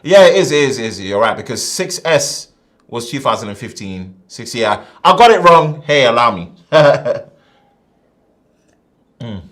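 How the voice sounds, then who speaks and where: A man hosts a relaxed tech live stream in plain casual chat. His voice sits at an ordinary middle pitch, and he talks in an animated, slangy way. He swings between loud outbursts and quiet mumbled asides into a desk microphone. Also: unhurried.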